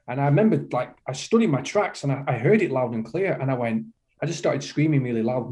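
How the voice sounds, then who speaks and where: A man's voice: mid-range voice, lively intonation, fast talker, warm tone. A middle-aged man from the UK, a kindness coach speaking as a guest on a podcast, talking with passion and emphasis, repeating his key phrases. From United Kingdom. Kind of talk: podcast interview conversation.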